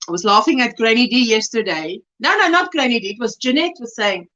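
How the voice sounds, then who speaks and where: A woman's voice: a little high, expressive, brisk, hardly any pauses, pushed and bright, dull audio. A South African woman hosting a casual livestream, reading viewers' chat messages aloud and answering them, laughing often as she talks. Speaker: livestream host.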